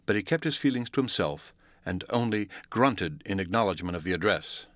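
A man narrates a classic novel in a steady, measured, formal reading. His voice is on the low side with a sharp, forceful edge, and the recording is dry and close with no room sound. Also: dry recording. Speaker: audiobook narrator. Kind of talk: classic novel read aloud.

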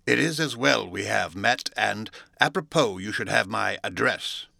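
A man voicing a furtive, hostile gentleman who speaks in a guarded, strained, drawn-out way, reading a classic story aloud. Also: lowish voice, lively intonation, creaky, dry recording, studio quality, exaggerated voice. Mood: cold, wary.

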